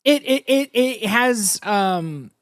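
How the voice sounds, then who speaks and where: A man with a notably high voice co-hosting a podcast in loose, casual chat. He rambles and stops to restart his thoughts, filling the gaps with "like" and "uh". The recording is dry and close-miked. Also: expressive, fairly bright tone, dry recording. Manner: rambling, halting, with many fillers. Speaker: podcast co-host.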